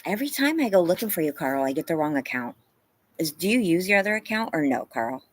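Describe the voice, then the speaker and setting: A woman's voice: fairly low pitch, sing-song, quick pace, no echo. A woman hosting a casual livestream, tired and a little teary, greeting viewers by name between moments of talking to her dogs. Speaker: livestream host. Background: dogs barking.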